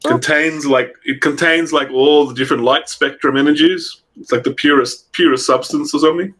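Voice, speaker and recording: A man's voice: a little high, steady tone, fairly quick, fairly bright tone, breathy edge. An Australian man hosting a casual livestream chat, rambling and joking with lots of swearing and restarts. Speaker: livestream host.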